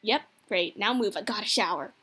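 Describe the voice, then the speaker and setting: A woman's voice: mid-range voice, normal speed, pushed and bright, slightly rough. A woman voicing an embarrassed, sarcastic teenage boy from a visual novel. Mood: flustered. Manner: flustered, exasperated.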